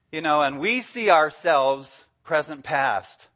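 A man's voice: a little high, expressive, takes it slowly, hardly any pauses, a bit bright. A man preaching as a guest speaker, enthusiastic and emphatic, often breaking into laughter. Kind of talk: sermon.

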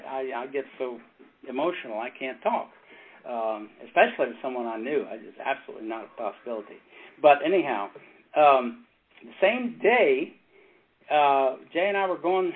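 A pastor and former Navy chaplain teaching a casual Bible study, telling stories in a rambling way, with halting restarts and frequent chuckles. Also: male voice, medium pitch. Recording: tinny phone-like sound with faint noise.

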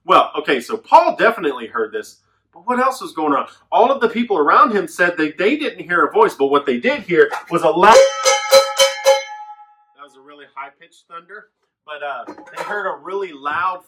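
Bright, animated man telling kids Bible stories. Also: fairly high pitch. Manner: animated storytelling with voices. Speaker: children's pastor. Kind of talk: kids' Bible lesson.

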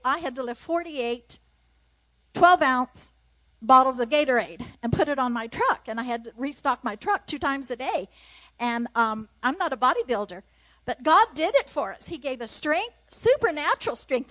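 A woman's voice: high-pitched, bright, forceful tone, no room sound, rough recording. An older woman giving an emotional mission testimony in church, exclaiming praise.

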